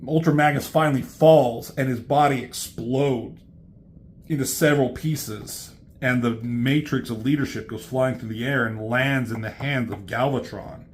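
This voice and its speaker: A male reviewer casually retells a comic book in a loose, rambling style, swearing freely. His voice sits at a middle pitch and moves at normal speed.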